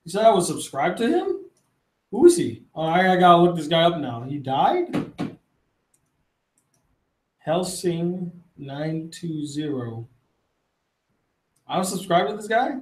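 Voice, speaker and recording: A man's voice: on the high side, sing-song, measured pace, pauses often, darkish tone. A man hosting a casual live chat, rambling through viewer questions, cursing freely and often interrupting himself. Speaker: livestream host answering chat questions. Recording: echoey room.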